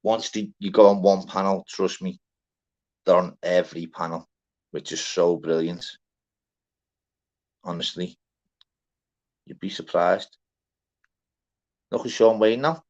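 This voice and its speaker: Young Scouse bloke host, low voice, dull lo-fi stream sound, sweary and chatty. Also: male voice, unhurried, pauses often, a little mellow. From Liverpool, England. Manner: chatty, sweary, greets viewers by name. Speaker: livestream panel host. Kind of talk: casual live chat.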